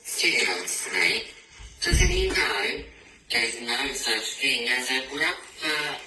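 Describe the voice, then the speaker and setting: A man's voice: mid-range voice, sing-song, slow, pushed and bright, voice pushed up, exaggerated voice. A man voicing a small, clever, bluffing mouse in a picture-book reading, in a playful sing-song voice. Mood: cheeky. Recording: echoey room, distant mic, noisy.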